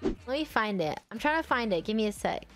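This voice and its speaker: A young woman streaming a game from home, chatting casually and quick to burst into excited exclamations. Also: fairly high pitch, faint music behind. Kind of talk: casual gaming commentary.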